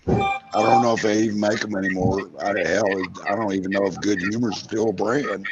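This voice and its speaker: A man's voice: lowish voice, fairly even intonation, a little fast, muffled recording, faint music behind. A man in a casual chat with friends, making dry teasing jokes.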